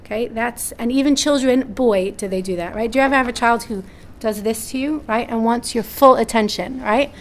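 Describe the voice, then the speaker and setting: A woman with a voice on the high side speaks briskly at a live parenting seminar, facing an audience in a seminar room. Her anecdotes come alive as she acts out voices, and she keeps checking in with "right?" The recording carries a little hiss or hum.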